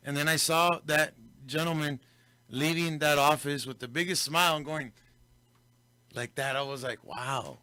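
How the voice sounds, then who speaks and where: A fairly high, bright man's voice, swapping between English and Spanish as he tells a story on air. The sound is close and dry, with no room around it. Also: a little slow, no echo. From Del Rio, Texas. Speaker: radio host. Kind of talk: casual radio talk.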